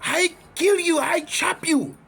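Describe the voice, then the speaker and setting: A man voicing an angry older shop owner who shouts short, broken threats and orders. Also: very high-pitched, takes it slowly, creaky, voice pushed up, heavily acted. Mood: threatening. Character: angry male shop owner, a father, hot-tempered.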